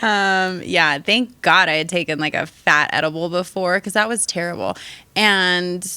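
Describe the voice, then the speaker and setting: A woman's voice: fairly low pitch, normal speed, clear, resonant tone, no room sound. A young woman hosting a casual podcast chat, telling stories bluntly and swearing freely. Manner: animated, blunt storyteller who swears freely. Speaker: podcast host.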